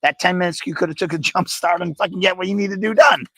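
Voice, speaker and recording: A man's voice: high-pitched, fairly even intonation, fast talker, pushed and bright. A man co-hosting a casual chat show, telling stories and sharing life lessons with frequent swearing. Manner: profane, storytelling, reflective. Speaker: podcast co-host.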